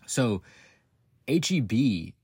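A man's voice: medium pitch, drawn-out words, breathy edge, dry recording, studio quality. A young man from Texas, hosting a podcast, ranting casually with lots of swearing, rambling restarts and frequent laughs. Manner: profane, rambling, laughs often, swings up into excited outbursts. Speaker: podcast host.

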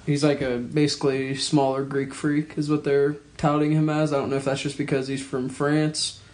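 A man's voice: mid-range voice, little pitch movement, moderate pace, a little mellow. A man co-hosting a sports podcast in casual, profane, joking chat. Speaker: podcast co-host.

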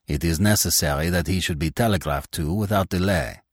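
A man's voice: deep voice, a little fast, husky, no echo, studio quality. A man reading aloud, voicing a polite and precise detective in a classic mystery story. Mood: courteous. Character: shrewd, courteous little male detective.

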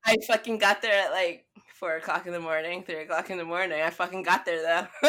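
In relaxed conversation, a young woman's slightly low, bright, forceful voice carries an animated, profane story. She curses freely and dramatizes her own dialogue.

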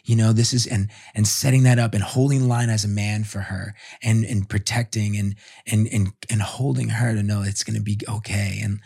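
A man guest on a podcast, telling a personal story in a heartfelt, halting way with many restarts. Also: lowish voice, fairly even intonation, vocal fry, a little mellow, slightly rough.

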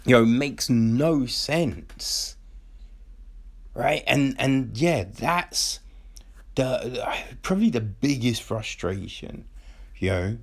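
A man casually reviewing a TV series, asking rhetorical questions and mockingly quoting characters. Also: medium pitch. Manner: animated, frequent rhetorical "right?", mocking quoted voices.

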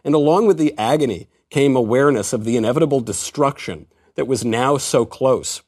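Guy hosting a book chat, amused, laughs reading dark passages, middle pitch. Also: fairly quick, husky. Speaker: podcast host. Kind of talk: casual book discussion.

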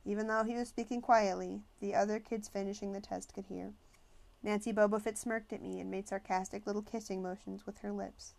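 Female audiobook narrator, mid pitch, measured storytelling. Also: little pitch movement, vocal fry, darkish tone. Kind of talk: first-person novel narration.

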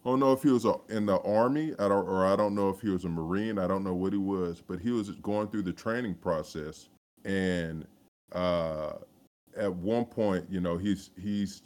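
Deep-voiced man rambling casually. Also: darkish tone. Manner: rambling, lots of fillers and restarts. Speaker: podcast co-host. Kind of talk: casual group chat.

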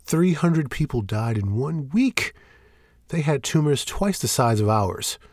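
A man's voice: mid-range voice, animated, normal speed, a bit bright, slightly rough, no echo, clean studio sound, voice pushed up, exaggerated voice. A man voicing an agitated, defiant male priest who argues heatedly and slips into raised whispers. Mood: heated defiance.

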